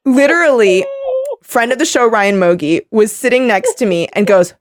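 A woman hosting a podcast in a casual chat, animated and laughing often as she acts out quotes. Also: a little high, moderate pace, no echo, studio quality. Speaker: podcast host.

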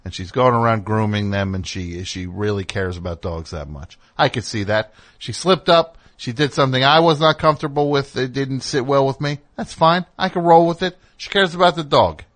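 A man's voice: mid-range voice, normal speed, hardly any pauses, fairly bright tone. Rambling, indignant male radio host. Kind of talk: comedic call-in radio monologue.

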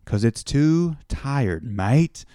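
A man's voice: medium pitch, expressive, drawn-out words, mellow, no room sound, studio quality. A man voicing a cheerful, joking Australian man in his forties who keeps saying "mate," in a put-on Australian accent. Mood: friendly joking. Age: 40s. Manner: teasing, repeats "mate".

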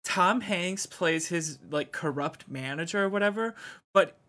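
A man's voice: high-pitched, a little slow, sharp tone. A man co-hosting a casual comedy chat, rambling through a story with lots of filler words. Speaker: podcast co-host.

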